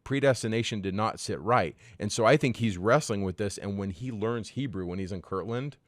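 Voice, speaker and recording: A man who works as a teacher, explaining ideas in a casual podcast discussion with an animated, self-deprecating manner. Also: on the low side, fairly quick, no echo, clean studio sound.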